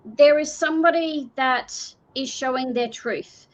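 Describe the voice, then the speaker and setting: Over dull, lo-fi stream audio, an Australian woman conducts a live intuitive card reading at a measured pace. Her high voice is earnest and pleading, and she tends to repeat herself.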